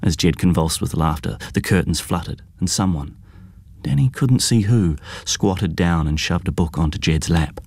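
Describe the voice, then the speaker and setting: A man narrating an audiobook in a measured, even storytelling manner. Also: low voice, no room sound, studio quality.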